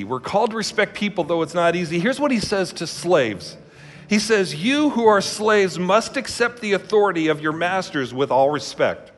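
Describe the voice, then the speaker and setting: A man's voice: on the high side, fairly bright tone. A man preaching a sermon as a pastor, telling a personal story in a conversational, emphatic way. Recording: long hall reverb with faint music.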